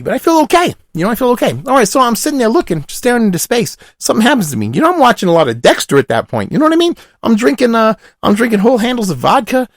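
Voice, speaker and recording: A man voicing a raspy, burnt-out party guy who rambles with fillers and asides in a comic monologue. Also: sits high, dry recording, clean studio sound, heavily acted.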